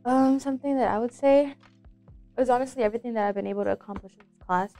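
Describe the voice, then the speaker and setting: A woman's voice: on the high side, fast talker, warm tone, soft background music. Giggly young woman hosting a chat. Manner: giggly, chatty, lots of "like" fillers. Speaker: student show host. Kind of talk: casual interview chat. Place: school.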